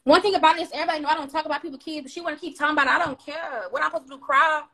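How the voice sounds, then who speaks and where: A high-voiced woman chatting on a live stream. Her talk is brash and profane, and she brushes off her critics bluntly. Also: steady tone, very fast, bright, forceful tone. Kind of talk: casual live stream chat.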